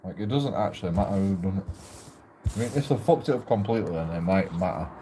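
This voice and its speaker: A man's voice: low-pitched, expressive, fast talker, background noise. A man ranting casually at home in a shared house, grumbling and swearing as he rambles with restarts. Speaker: vlogger.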